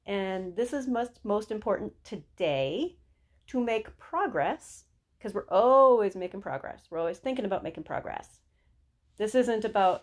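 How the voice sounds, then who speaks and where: A woman's voice: a little high, unhurried. A middle-aged woman hosting a podcast for dog groomers, talking casually and animatedly, laughing often and repeating herself. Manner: acts out calm soothing talk to dogs and owners. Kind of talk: casual solo podcast teaching.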